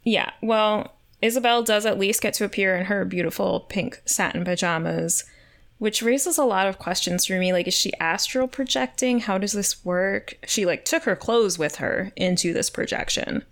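Bubbly, giggly female podcast co-host with a smooth, clean tone. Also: medium pitch, moderate pace, a bit bright. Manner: bubbly, laughs often. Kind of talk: casual chat recapping a TV episode.

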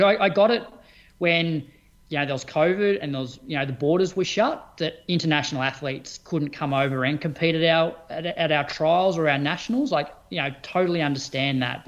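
Chatty opinionated man, higher voice. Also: fairly bright tone, muffled recording. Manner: opinionated, chatty, many fillers. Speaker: podcast co-host. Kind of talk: casual chat about running.

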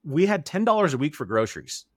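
A man's voice: on the high side, big pitch swings, fast, no echo, clean studio sound. A man in his thirties, an interview guest, telling his own story in a candid, earnest way and acting out remembered quotes.

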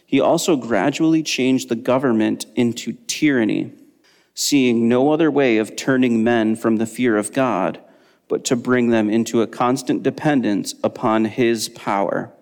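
A man teaching a Bible study lesson, explaining in a relaxed way with frequent ums. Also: mid-range voice, measured pace, long reverb tail.

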